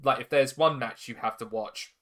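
A man hosting a podcast, recapping in a casual way with animated storytelling, swearing freely and laughing often. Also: mid-range voice, moderate pace. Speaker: podcast host.

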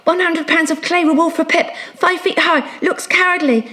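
A woman doing a high, crazed young ship's boy. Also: fairly even intonation, moderate pace, sharp tone. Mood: sing-song. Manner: sing-song, wandering, rambling. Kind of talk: audiobook reading.

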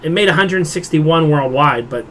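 A man with a slightly higher voice hosts a relaxed pop culture podcast. He tells stories with frequent laughter and then runs through figures in a loose, chatty way. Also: normal speed, slight background noise. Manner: laughs a lot while telling stories. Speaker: podcast host. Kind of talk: casual chat.

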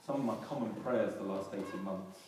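A man's voice: fairly low pitch, fairly quick, darkish tone. A male pastor preaching a sermon in a large church hall, earnestly restarting and repeating phrases and rising for emphasis. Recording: echoey hall from far off, faint noise.

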